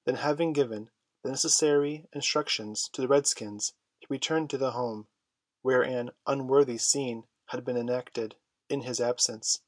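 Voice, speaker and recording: A man narrates a children's storybook in a measured, steady way. His voice is husky and mid-pitched, recorded close on a dry, dead mic. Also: dry recording. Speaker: audiobook reader.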